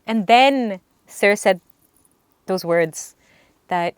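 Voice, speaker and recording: Woman, singer, young adult, earnest storytelling, halting restarts, crisp tone, close and dry. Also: medium pitch, no room sound. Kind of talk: storytelling interview recollection.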